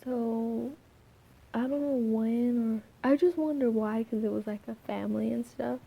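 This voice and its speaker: A soft-spoken young woman with a slightly scratchy voice, rambling through a casual vlog with many fillers and restarts. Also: a little high, steady tone, unhurried, gravelly, slightly rough. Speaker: vlogger.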